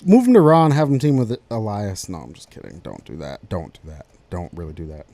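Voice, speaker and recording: A man's voice: low voice, a little fast, slight background noise. A man co-hosting a podcast, recapping a wrestling storyline in casual chat and acting out the quotes. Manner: animated storyteller, acts out quotes. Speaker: podcast co-host.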